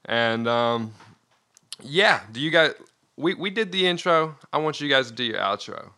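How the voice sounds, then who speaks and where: A man's voice: medium pitch, animated, normal speed, sharp tone. A man hosting a podcast, casually chatting and steering the conversation. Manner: easygoing, laughing, steers the talk. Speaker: podcast host. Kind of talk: casual chat.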